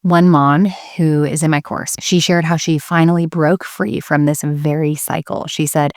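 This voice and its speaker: A woman's voice: low voice, level tone, normal speed, no room sound, studio quality. A young woman who teaches Christian homemaking, talking to camera as a candid, earnest storyteller about faith and motherhood. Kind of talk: faith-based talk to camera.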